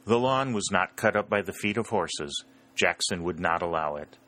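A man's voice: low-pitched, lively intonation, moderate pace, pushed and bright. A man narrating a novel aloud, reading the characters' dialogue with a slightly raised voice. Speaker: audiobook narrator. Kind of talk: scripted narration.

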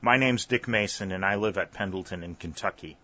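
A man voicing an earnest young man in an audiobook, speaking loud and clear. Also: deep voice, fairly quick. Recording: slightly dull, dry recording.

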